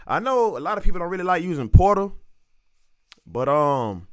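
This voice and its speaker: A man's voice: high-pitched, sing-song, moderate pace, dry recording, studio quality. A young man from Alabama with a Southern accent, chatting casually to viewers as he walks through making a beat. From Montgomery, Alabama. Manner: laid-back, chatty, addresses viewers as y'all. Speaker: beat producer. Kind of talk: casual tutorial talk-through. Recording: music playing loudly behind the voice.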